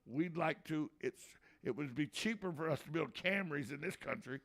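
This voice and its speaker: A man's voice: a little high, animated, normal speed, creaky, fairly bright tone. A man hosting a local radio talk show, folksy, joking and opinionated.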